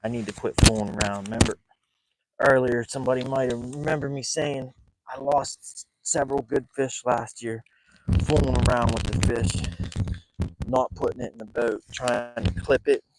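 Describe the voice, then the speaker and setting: A man live-streaming a night fishing trip from a small boat, talking in an excited, rambling way and breathing heavily. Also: mid-range voice, normal speed, noisy background. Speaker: fishing vlogger. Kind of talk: live outdoor fishing vlog.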